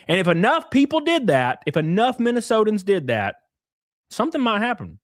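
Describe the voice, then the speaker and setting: A man's voice: fairly high pitch, fast, dry recording, clean studio sound. A man hosting a live stream, ranting with lots of swearing and reading out viewer chat messages. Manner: profane, animated ranting; reads viewer chat aloud.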